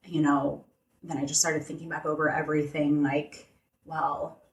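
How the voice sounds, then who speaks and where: A woman's voice: sits low, little pitch movement, moderate pace. A young adult woman, a podcast guest, telling a personal story candidly in conversation, filling her speech with "like" and "you know.".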